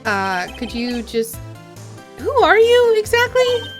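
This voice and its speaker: A woman's voice: very high-pitched, huge pitch swings, slow pace, over music, pitched above the performer's own voice, heavily acted. A woman voicing a young male defense lawyer, earnest and easily flustered, stumbling over his words.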